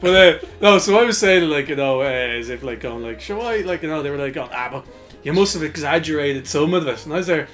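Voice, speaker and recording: An Irish man rambles through a casual podcast story, slightly high in pitch, leaning on lots of fillers and curses. Faint guitar music plays under his voice. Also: animated, a little fast, fairly bright tone. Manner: rambling anecdotes full of fillers and swearing, bursts of laughter. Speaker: podcast co-host.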